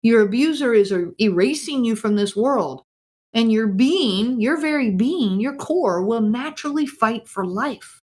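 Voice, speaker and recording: A woman's voice: a little high, lively intonation, unhurried, darkish tone. A woman hosting a podcast, talking earnestly and directly to her listeners, asking them questions and often repeating phrases. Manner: direct, emphatic, asks listeners many questions. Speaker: podcast host.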